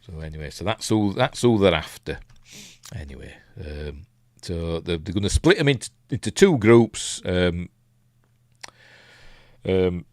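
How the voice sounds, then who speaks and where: A man's voice: deep voice, darkish tone, clean tone, no room sound, clean studio sound. A man with a Yorkshire accent hosting a casual live film commentary, rambling and hesitant with lots of ums and restarts, chuckling at his own asides. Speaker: film reviewer hosting a live watch-along.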